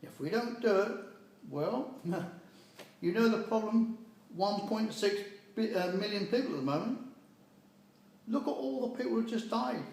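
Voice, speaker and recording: Older man, high voice, preachy and scolding, very echoey room. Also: a little mellow. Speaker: speaker giving a personal message. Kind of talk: impassioned monologue.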